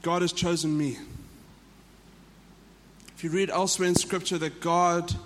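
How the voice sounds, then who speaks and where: A man's voice: high voice, flat delivery, unhurried, in a large hall, background noise. A man with a South African accent, preaching a sermon to a church in an earnest way that often repeats and restarts phrases. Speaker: pastor.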